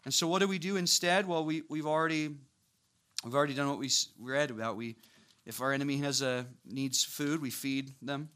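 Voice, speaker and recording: A man preaching a sermon, walking through scripture with lively, casual asides and acted-out voices. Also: medium pitch, a little fast, clean tone. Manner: animated, acts out voices of biblical figures with casual asides.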